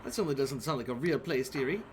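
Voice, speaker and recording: A man's voice: mid-range voice, fast, a little hiss or hum, natural voice. A man voicing a prim, flustered woman librarian in a video game, sweet and evasive, calling people dearie. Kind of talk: reading game dialogue aloud.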